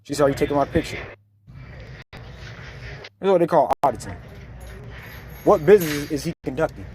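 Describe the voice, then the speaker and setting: A man's voice: on the high side, expressive, brisk, darkish tone, a little hiss or hum. A man giving blunt, slangy, mocking reaction commentary over a video clip.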